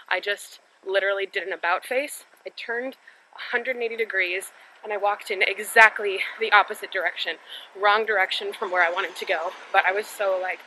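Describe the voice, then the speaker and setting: A young woman with a bright, forward voice talks into a handheld camera as she walks through quiet residential streets. Her delivery is chatty and frank, with a storyteller's ease, and faint outdoor ambience sits behind her. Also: medium pitch, fairly even intonation, a little fast, slight background noise, rough recording. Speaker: vlogger. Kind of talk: casual walking vlog. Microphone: handheld camera while walking.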